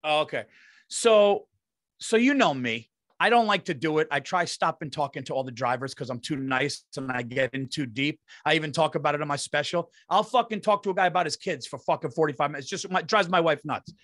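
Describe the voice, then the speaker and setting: A man's voice: on the high side, brisk, fairly bright tone, no room sound, clean studio sound. Profane, rambling male comedian. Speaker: comedian podcast host. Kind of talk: casual storytelling chat.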